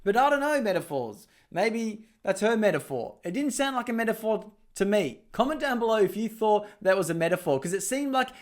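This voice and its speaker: A man's voice: sits high, very animated, fairly quick, hardly any pauses. An Australian man hosting a commentary video, talking casually and mockingly over clips. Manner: mocking, sarcastic, laughs at clips. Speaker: political commentary host.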